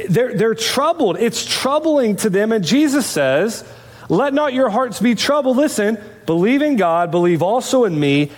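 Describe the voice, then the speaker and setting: A man preaches to his congregation in a notably high voice, talking to them directly and asking them questions. His words ring out with a long reverb from the church sanctuary. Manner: conversational preaching with rhetorical questions. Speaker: pastor. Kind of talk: sermon.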